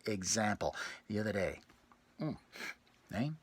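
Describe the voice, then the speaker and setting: A man playing a boastful, sleazy male pickup guru in a parody self-help lecture, sinking to low murmurs and bursting into loud scat exclamations. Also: animated, measured pace, husky. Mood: smug. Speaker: self-styled dating coach.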